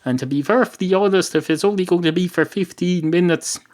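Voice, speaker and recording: A man's voice: high-pitched, a little fast. An Irish man hosting a solo comedy podcast, rambling and sardonic, with many "uh" fillers and mock-outraged asides. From Ireland. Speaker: podcast host.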